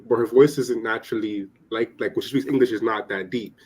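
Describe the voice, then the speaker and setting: A man's voice: medium pitch, steady tone, fast, warm tone, husky, rough recording. A young man in a casual podcast chat who rambles, with lots of "like" and restarts.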